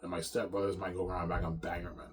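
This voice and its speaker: A low-voiced man rambles on in a loose monologue, cursing often and circling back over the same points. He tacks "man" and "yeah" onto his lines, and a faint hiss sits underneath. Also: little pitch movement, quick pace. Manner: profane, repetitive, ending lines with "man" and "yeah". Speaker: vlogger.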